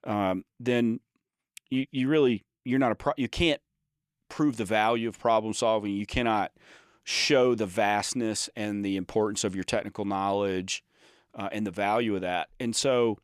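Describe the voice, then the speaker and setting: A man's voice: fairly low pitch, a little slow, clear, resonant tone, no room sound. Emphatic man explaining in a dry room. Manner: emphatic, explains by example, many restarts. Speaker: podcast co-host. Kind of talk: casual chat.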